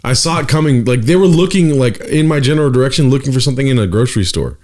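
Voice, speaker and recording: A man's voice: medium pitch, lively intonation, fast talker, darkish tone. Young male podcast co-host, jokey and teasing, casual cussing. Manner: joking, teasing, swears casually. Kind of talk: casual chat.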